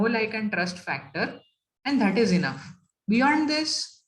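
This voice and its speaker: Woman, emphatic speaker, rhetorical questions, roomy echo. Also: fairly low pitch. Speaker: corporate etiquette speaker. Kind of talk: motivational talk.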